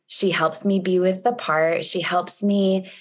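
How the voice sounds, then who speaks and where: A woman's voice: lowish voice, fairly even intonation, measured pace. A woman coach telling a personal story in a candid, reflective way, with frequent fillers.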